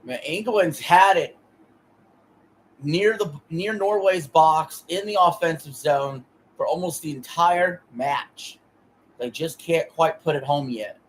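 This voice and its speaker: A man's voice: fairly high pitch, takes it slowly, a little hiss or hum, poor audio. A man casually commenting on a soccer match during a live stream, chatting with his viewers between plays. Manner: chatty, reads and answers chat.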